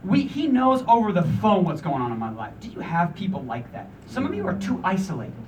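Male preacher, 30s, casual and emphatic sermon delivery, high animated pitch, mic at a distance. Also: fairly quick, lo-fi sound, slight background noise. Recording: voice from a distance with faint room ambience.

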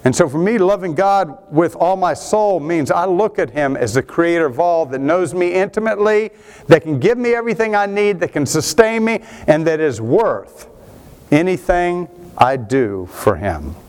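A male pastor delivering a sermon with a slightly high voice. His pitch swoops constantly, climbing when he presses a point and dropping low for the reflective lines. He preaches with animated, conversational energy. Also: moderate pace. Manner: animated preaching, rising and falling with emphasis.

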